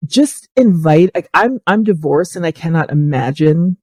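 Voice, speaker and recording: A woman's voice: low voice, lively intonation, normal speed, dark tone, slightly rough, no echo. A woman guest on a podcast in casual chat, opinionated and emphatic, often laughing.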